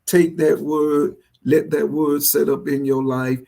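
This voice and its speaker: A man's voice: a little high, little pitch movement, slow, vocal fry, mellow. A male pastor with a Southern US accent, preaching a livestreamed sermon in a repetitive style that builds to fervent energy.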